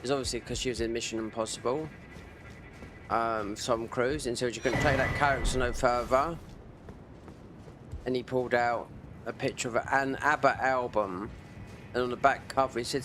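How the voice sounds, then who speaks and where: A man's voice: medium pitch, fairly even intonation, moderate pace, long pauses, fairly bright tone, a little hiss or hum. A man chatting casually while streaming a game, rambling from one tangent to the next. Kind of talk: casual chat while gaming.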